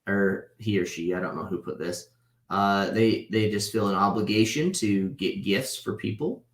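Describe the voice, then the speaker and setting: A man in his thirties teaches a casual class over a video call, his voice sitting on the low side. He talks loosely and conversationally, checking in with his students by tagging points with "right?". The sound carries a roomy echo. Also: moderate pace. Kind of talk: casual online class lecture.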